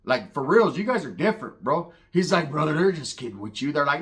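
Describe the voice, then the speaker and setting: A fairly high-pitched man speaks fairly quickly with hardly any pauses, recounting a profane street story for laughs. Animated and heavy on slang, he performs the characters' voices as he goes.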